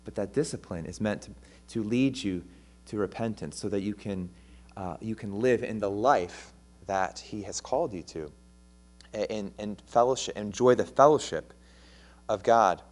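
A man's voice: lowish voice, normal speed. A male pastor preaching a sermon in a conversational way, often asking his listeners questions and restarting his phrases.

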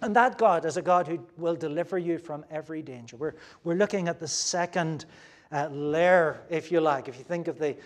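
A man preaching a sermon to a gathered audience, earnest and emphatic, moving between loud stresses and hushed asides. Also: fairly high pitch, normal speed.

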